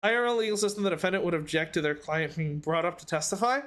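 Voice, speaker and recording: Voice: mid-range voice, animated, fast, a bit bright, slight background noise. Rambling casual let's-play commentator. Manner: rambling, joking asides with restarts.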